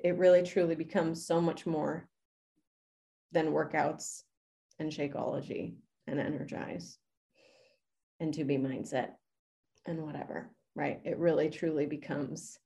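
A woman's voice: on the low side, darkish tone. A woman coach sharing in a casual, heartfelt way, earnest and gushing, full of "like" fillers. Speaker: fitness coach. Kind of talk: casual heartfelt sharing in a live group session.

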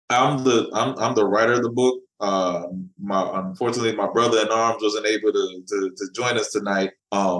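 Male comic writer, podcast guest, casual and halting, somewhat low voice, roomy echo. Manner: repeats words while finding his thought. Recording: echoey room.

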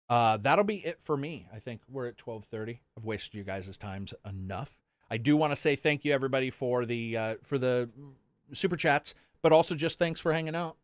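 A man's voice: mid-range voice, no room sound. Profane, rambling man hosting a podcast. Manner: loose, profane, rambling storytelling with laughs. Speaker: podcast host. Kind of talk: casual live-stream chat.

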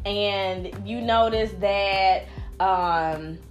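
A young woman talking casually on a podcast about friendships, loud and blunt, swearing freely and acting out what others say. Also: medium pitch, very slow, faint music behind. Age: young adult. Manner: loud, blunt, profane, animated storytelling. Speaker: podcast panelist. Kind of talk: casual chat.

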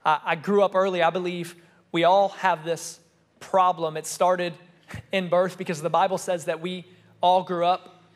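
A young adult man, a student pastor, preaching a sermon with emphatic, repeated phrases that rise and fall in loudness. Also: high-pitched, flat delivery, moderate pace.

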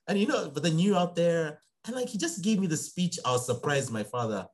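A young man talks through an interview at an easy conversational pace. His pitch swings widely as he speaks, and he slips into the voices of the people in his stories. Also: a little fast, hardly any pauses. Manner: animated storyteller, acts out quoted dialogue. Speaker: guest, psychiatrist in training.

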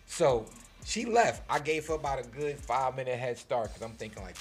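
Fast-talking animated New man. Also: mid-range voice, faint music behind. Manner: animated, slangy storytelling with acted-out quotes. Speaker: podcast guest. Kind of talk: casual storytelling.

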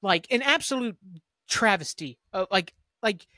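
A man's voice: high voice, lively intonation, bright, forceful tone, no echo, studio quality. A man hosting a sports talk podcast, ranting angrily and profanely about refereeing. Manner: profane, heated, fast-talking rant. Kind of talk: angry ranting commentary.

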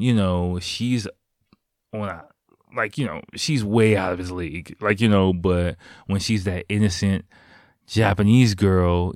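A man's voice: sits low, a little mellow, dry recording, clean studio sound. A man casually telling a personal story, rambling and swearing, with many fillers like "like" and "you know.".

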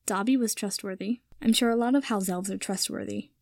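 Woman reading as a gentle, hesitant young wizard. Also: medium pitch, fairly quick, no echo, clean studio sound, natural voice.

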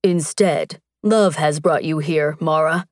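A woman's voice: low-pitched, dry recording, studio quality. A woman voicing an earnest barbarian warrior. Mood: tender earnest. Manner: slow, gentle, earnest.

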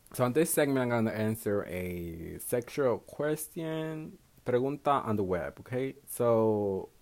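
Profane rambling young man. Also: medium pitch. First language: Spanish. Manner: profane, rambling, self-mocking, laughs a lot. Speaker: podcast host. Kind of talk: casual solo podcast monologue.

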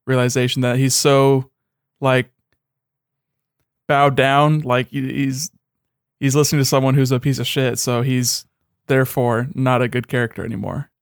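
A man's voice: medium pitch, dry recording, studio quality. A man in a casual chat, sardonic and swearing often, with lots of "like". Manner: sardonic, heavy swearing, many "like" fillers.

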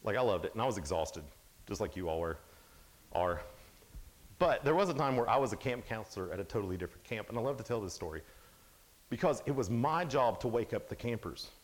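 Man preaching animatedly at youth camp. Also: fairly quick. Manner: animated storytelling, acts out quotes in a higher voice. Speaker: camp speaker.

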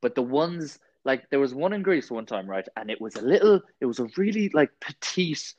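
A man's voice: medium pitch, normal speed, dry recording, lo-fi sound. Man, young, casual podcast chat, laughs through stories, dry close sound. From Ireland. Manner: laughing storyteller, animated when quoting people.

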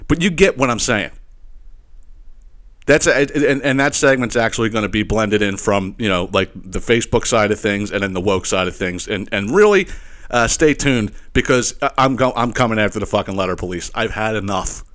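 A man hosting a solo podcast, ranting in a profane, animated way with laughing asides and repeated "you know what I mean". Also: on the low side, a little fast. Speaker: podcast host.

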